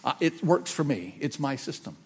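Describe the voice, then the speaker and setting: A man's voice: a little high, big pitch swings, normal speed, creaky, husky. A man preaching a sermon, with folksy asides and emphatic repetition, often rambling off topic. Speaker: pastor. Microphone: sermon on an iPad from notes.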